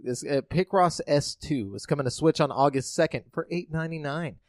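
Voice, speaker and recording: A man's voice: fairly high pitch, brisk, no echo, studio quality. A man co-hosting a casual podcast, reading game descriptions aloud, stumbling over names and laughing at himself. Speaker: podcast co-host.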